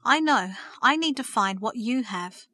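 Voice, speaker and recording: A woman's voice: medium pitch, brisk, sharp tone, no room sound. A woman reading aloud and voicing a remorseful young man who speaks shakily, sadly and earnestly. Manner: shaky, sad, earnest.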